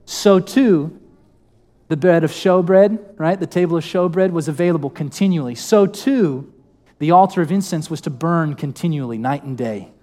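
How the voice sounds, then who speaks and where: A young man delivers a sermon in a church hall. His voice sits a little high, and his tone stays informal and conversational. He keeps putting questions to the congregation. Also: normal speed, a little mellow. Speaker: preacher.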